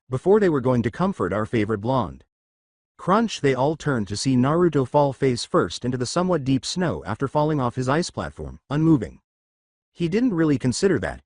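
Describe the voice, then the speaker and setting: A man narrating a fan-written story in a steady, scripted read. His pitch moves a lot from line to line. The sound is dry, with no room echo.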